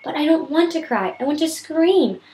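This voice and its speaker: A woman with a sore throat reading aloud as a grieving teenage girl in a reader's theater, in a higher, strained voice. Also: lively intonation, normal speed, a little mellow, roomy sound, slight background noise. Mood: anguished.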